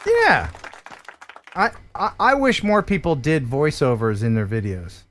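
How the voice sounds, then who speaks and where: A man's voice: medium pitch, big pitch swings, normal speed, a bit bright, a faint crowd, slight background noise. A man from the United States hosting a casual livestream, chatting, joking and reading sponsor spots with enthusiasm. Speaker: livestream host.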